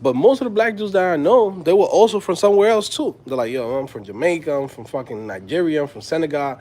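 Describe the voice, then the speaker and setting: A man's voice: fairly high pitch, animated, fast talker, warm tone. A man from New York with a New York accent, chatting casually on a livestream, slangy and laughing often. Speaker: host.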